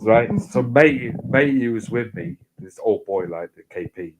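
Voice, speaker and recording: Sweary bloke telling stories. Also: male voice, normal speed, background noise. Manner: sweary rambling anecdotes, gets loud and high when excited. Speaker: host. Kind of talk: casual storytelling chat.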